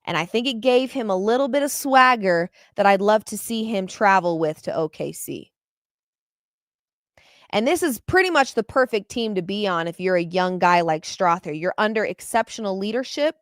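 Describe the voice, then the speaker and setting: A woman's voice: mid-range voice, normal speed, dry recording, clean studio sound. Passionate woman sports podcast host. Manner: passionate, openly emotional; animated, repeats words when excited. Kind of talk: postgame basketball commentary.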